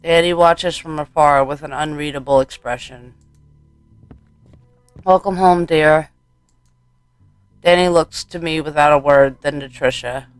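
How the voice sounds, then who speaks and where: A man's voice: a little high, fairly even intonation, normal speed, few pauses, clean tone, no echo. A man reading a horror game aloud for a let's play, wry and casual, on a close mic.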